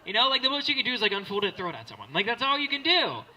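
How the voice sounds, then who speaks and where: A young man in his late teens doing a stand-up comedy set, animated and jumping into silly character voices. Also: very high voice, racing, poor audio. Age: young adult. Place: small comedy show with live audience.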